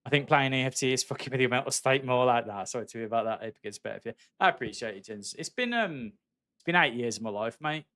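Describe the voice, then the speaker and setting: Male streamer, casual and candid, mid-pitched, plenty of mates and swearing. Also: lively intonation, quick pace, a bit bright. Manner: candid and chatty, swears freely, calls viewers mate. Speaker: gaming livestreamer. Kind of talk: casual live-stream chat while playing.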